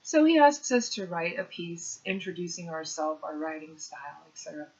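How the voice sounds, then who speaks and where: A woman's voice: lowish voice, normal speed. Woman telling a comic story, lo-fi. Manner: animated, punchy delivery with playful asides. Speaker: stand-up comedian. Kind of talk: storytelling monologue.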